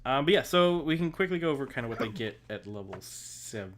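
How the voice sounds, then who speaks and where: A woman's voice: extremely low pitch, animated, fast. A woman co-host talks through last night's tabletop episode in loose, chatty fashion. She giggles between thoughts and leans on ums and mm-hmms. A faint hiss sits under her voice. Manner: giggly, many fillers and mm-hmms. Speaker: podcast co-host. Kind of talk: casual recap chat.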